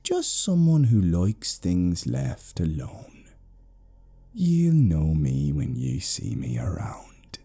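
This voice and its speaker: A man voicing an eerie, soft-spoken stranger who talks mildly in a whisper. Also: low-pitched, huge pitch swings, slow, gravelly, husky, heavily acted. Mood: quiet. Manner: mild, whispering.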